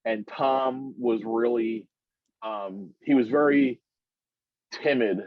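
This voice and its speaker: Man, middle-aged, casual storyteller, rambling, gets animated, muffled sound, dry. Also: slow, dry recording. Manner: rambling, animated storyteller who climbs high when excited. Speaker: podcast guest.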